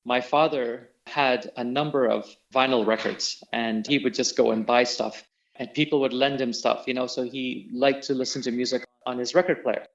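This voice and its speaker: A man's voice: medium pitch, normal speed, vocal fry. A middle-aged man tells his stories as an interview guest, bringing them to life by acting out the voices he quotes. His voice sits in an ordinary middle register. The audio is dull and lo-fi, as over a remote call. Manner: animated storyteller who acts out quoted voices. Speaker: interview guest, tabla player and singer. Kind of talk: storytelling in an interview.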